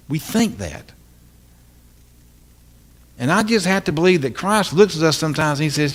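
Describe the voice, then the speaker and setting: A man's voice: on the high side, expressive, moderate pace, pauses often. An older man, a pastor, preaching an earnest, impassioned sermon full of repeated phrases and rhetorical questions.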